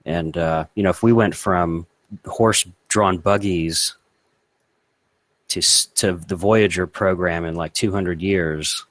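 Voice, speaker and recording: A man's voice: low voice, fairly even intonation, takes it slowly, a bit bright, no echo. A man in casual chat, explaining ideas with confident, matter-of-fact ease and the odd swear word.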